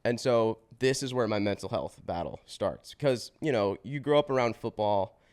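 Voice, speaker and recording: Man, 20s, podcast guest, low-pitched, casual storytelling, slangy, swears, quick restarts. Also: darkish tone. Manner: slangy and swearing, says bro and dude; fast run-on telling with restarts.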